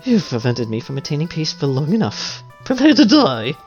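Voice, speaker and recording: A man's voice: on the high side, big pitch swings, normal speed, darkish tone, voice pushed up. A man voicing a theatrical villain of tragedy. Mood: menacing. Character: grandiose villain embodying tragedy. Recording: slightly dull audio with faint music.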